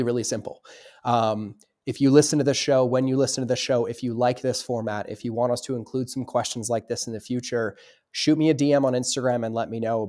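Brief: male podcast host, solo episode, casual and upbeat, home studio, mid-range pitch. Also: a little mellow. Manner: casual, upbeat motivational talk.

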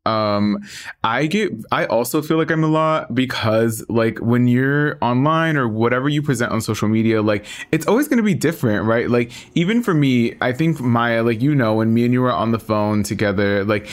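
A man's voice: mid-range voice, normal speed. A man co-hosting a podcast in casual chat, rambling with lots of likes and laughing often. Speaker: podcast co-host.

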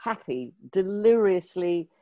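A low-pitched older woman from the UK, chatting as an interview guest. She tells anecdotes with energy and slips into the voices of the people she quotes. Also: slow pace. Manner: lively anecdotal storyteller, acts out quoted dialogue. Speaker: former magazine editor, interview guest. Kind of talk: storytelling interview.

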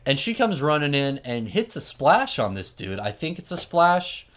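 A man hosting a podcast, telling a story in an animated, wry, casual way and laughing often. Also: fairly high pitch, normal speed. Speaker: podcast host.

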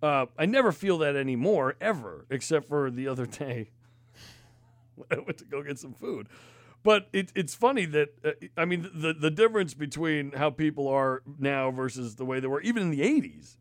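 A middle-aged man from New England tells a casual, profanity-laced story as a podcast co-host. His voice sits a little high, and he talks with lots of energy. The recording is dry and close. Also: moderate pace, no room sound. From New England, United States. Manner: profane, animated storyteller, jumps into high-pitched acted quotes.

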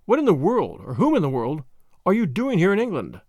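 A man's voice: sits high, wildly swooping pitch, fairly quick, darkish tone, no room sound, clean studio sound, exaggerated voice. A man reading an audiobook, voicing a witty, bored young French noblewoman with a merry, teasing manner. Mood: arch, merry. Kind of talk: audiobook character voice.

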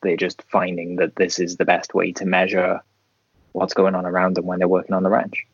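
A man with a very deep, gravelly and husky voice chats casually as a podcast co-host, agreeable and quick to laugh along. The sound is dry and a little dull, lo-fi. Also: completely flat delivery, dry recording. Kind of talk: casual watchalong chat.

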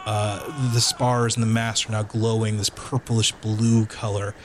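A man's voice: on the low side, level tone, background noise. A man narrating as game master of a tabletop game, often restarting and filling with ums. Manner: halting, restarts with fillers.

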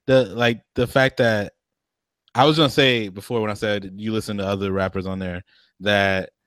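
A man co-hosting a podcast in casual chat, relaxed and slangy, laughing often. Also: lowish voice, no room sound. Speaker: podcast co-host.

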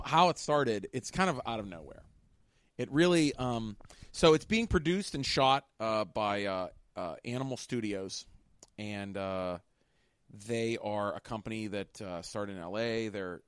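A man's voice: on the low side, smooth, dry recording. A man from Pittsburgh, a comedian, talking casually on a podcast and acting out quoted lines. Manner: animated, acts out quoted lines.

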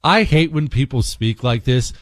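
A man hosting a talk radio show, speaking bluntly and sarcastically, swinging between low mutters and loud outbursts. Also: animated, normal speed, no echo, clean studio sound. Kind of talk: opinionated talk radio monologue.

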